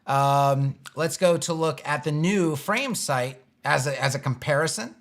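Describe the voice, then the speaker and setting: A man's voice: fairly high pitch, a little slow. A man hosting a live web design stream, answering chat questions in a rambling, exasperated, joking way. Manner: rambling, exasperated, restarts and wry jabs. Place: home studio, seated in a chair.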